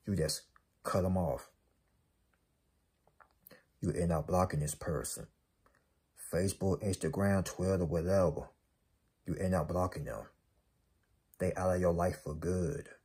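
A man's voice: low-pitched, steady tone, a little slow, pauses often, darkish tone, breathy edge. A man giving an emphatic spiritual motivational talk, repeating himself and calling out to his audience. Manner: emphatic, repetitive, calls out to the audience. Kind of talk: preachy motivational monologue.

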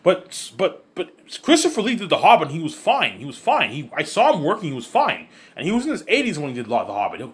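Fast-talking excitable man rambling on. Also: on the high side. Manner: excitable, repetitive, swears freely; stumbles and restarts often. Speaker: vlogger. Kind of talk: casual rambling monologue.

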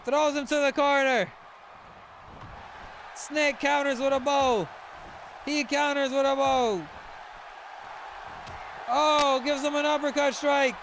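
A man giving excited play-by-play commentary on a wrestling video game match, shouting at the big moves. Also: extremely high pitch, measured pace, vocal fry, long pauses, a crowd in the background, noisy background.

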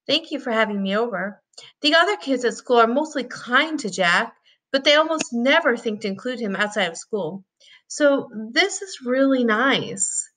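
A woman voicing a gentle, soft-spoken mother in a read-aloud storybook. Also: on the high side, lively intonation, moderate pace.

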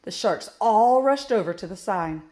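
A woman's voice: medium pitch, animated, darkish tone. A woman teacher reading a children's picture book aloud and explaining subtraction steps. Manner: slow, clear, explaining steps. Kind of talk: children's book read-aloud with math lesson.

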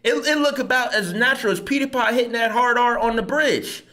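A man hosting a comedic reaction video, talking in an animated, slangy way. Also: very high voice, fairly quick.

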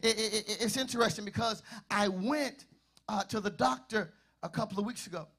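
High-voiced preacher singing his sermon. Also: brisk, breathy edge. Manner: call-and-response preaching, half sung, building to shouts. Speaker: pastor. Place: church sanctuary.

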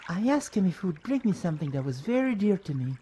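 A man voicing a lonely, gentle elderly woman in a game, speaking quietly. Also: high voice, big pitch swings, fast, slight background noise, voice pushed down. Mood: gentle, wistful.

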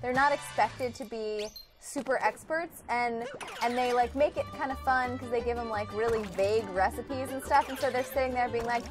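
A woman's voice: a little high, moderate pace, over music. A young woman co-hosting a gaming livestream in casual chat. She reads viewer comments aloud and chats easily. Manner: chatty, reads viewer comments aloud, puts on silly granny voices.

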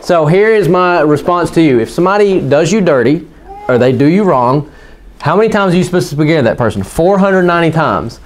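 High-voiced pastor guy preaching, jokey then fired up, voice jumps all over, church crowd chiming in. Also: animated, fairly quick, slight background noise. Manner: folksy, joking, rising to fervent preaching. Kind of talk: sermon. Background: congregation calling out amens.

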